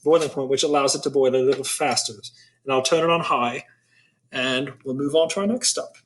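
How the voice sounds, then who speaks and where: A man's voice: medium pitch, brisk, a little hiss or hum. A man, a school choir director, demonstrating a recipe in a kitchen, talking playfully and hamming up a mock British accent. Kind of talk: casual cooking demonstration.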